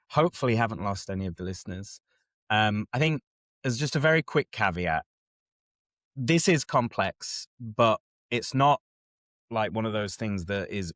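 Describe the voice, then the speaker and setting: Low-voiced guy hosting a chat, super animated, keeps checking you're with him, dry sound. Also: no echo. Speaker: host. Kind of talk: casual explanatory chat.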